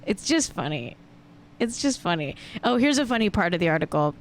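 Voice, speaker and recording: On a laid-back celebrity gossip podcast, the host talks briskly in a lowish voice with big swings in pitch. She's amused and talkative, leaning hard on the word "like."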